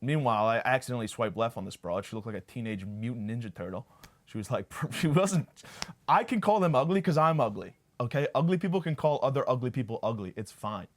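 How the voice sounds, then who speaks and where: A man's voice: mid-range voice, lively intonation, fast talker. A young man hosting a podcast, rambling through a profane, self-deprecating comedic monologue. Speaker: podcast host.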